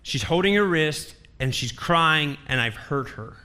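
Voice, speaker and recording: A man preaches a sermon in a church, delivering a personal story with humor and emphatic repetition. His voice sits a bit high and rings bright and forceful. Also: animated, unhurried, clean tone. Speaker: pastor.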